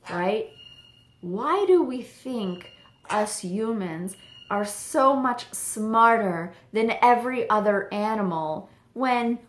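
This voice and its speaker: A young woman telling a story on her vlog in an animated way, quoting herself and her parrot. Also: medium pitch. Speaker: parrot channel vlogger. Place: home room with birds. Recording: echoey room.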